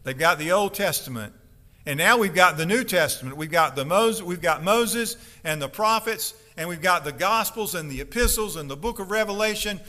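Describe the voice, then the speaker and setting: Preacher, male, high bright voice, dramatic sermon in a reverberant church hall. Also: animated, normal speed. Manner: impassioned preaching, acting out pleading voices. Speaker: pastor.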